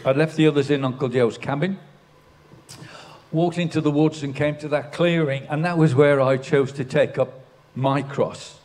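A man's voice: fairly high pitch, fairly even intonation, moderate pace, a little mellow. Older man preaching a sermon. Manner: storytelling, builds to emphatic declarations. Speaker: pastor. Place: church.

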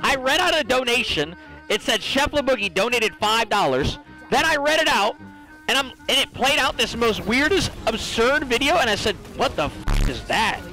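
A man streaming a video game, ranting in a rambling, profane, excitable way, filling his talk with "like" and "literally.". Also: very high voice, normal speed, rough recording. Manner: fillers, repeated "like" and "literally". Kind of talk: casual gaming stream chat. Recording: music playing behind voice.

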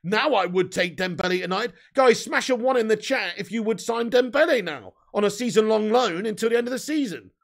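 Casting: English male live-stream host, gravelly and fairly high, chatty, reads out viewer comments, swears casually. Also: animated, brisk, few pauses. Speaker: livestream host reading chat.

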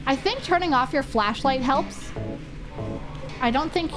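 A woman streaming a horror game, giving casual commentary, excitable and swearing often as she cheers her character on. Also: high voice, a little slow. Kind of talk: casual let's-play commentary. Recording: game music playing behind.

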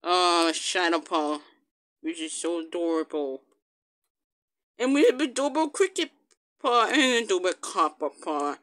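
A woman's voice: on the low side, big pitch swings, unhurried, a bit bright. A female host commenting casually on her game, cooing in baby talk and humming to the pets she raises.

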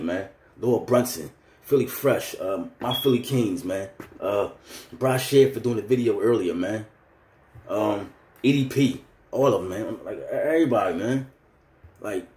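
A man's voice: medium pitch, a little mellow. Ranting man in a roomy space. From Philadelphia. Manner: heated, ranting, street slang. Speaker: vlogger. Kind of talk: sports fan rant.

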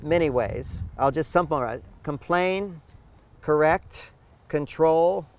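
Taking it slowly, an older man with a fairly high-pitched voice offers relationship advice as an interview guest. As an author on the subject, he stresses his points emphatically and often acts out partners' words.

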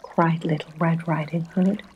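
A woman narrating a bedtime fairytale, soft and hushed, often dropping to a half-whisper. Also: low-pitched, fairly even intonation, measured pace, lo-fi sound, a little hiss or hum. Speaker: storyteller.

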